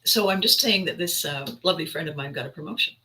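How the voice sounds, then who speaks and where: A woman with a very bright, keen voice talks to her livestream audience in a loose, reflective monologue. She rambles, doubles back and breaks off her sentences as she thinks aloud. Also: low-pitched, animated, fast talker, low-quality recording. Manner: rambling storyteller, self-interrupting, chatty. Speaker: livestream host.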